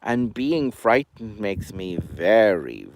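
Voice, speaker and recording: A man's voice: fairly low pitch, big pitch swings, slow pace, slight background noise, full character voice. A big, greedy cuckoo chick, as a man acts him out, whining in a sugary, sly way in a children's puppet story. The voice climbs and drops a lot. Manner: whiny, sly.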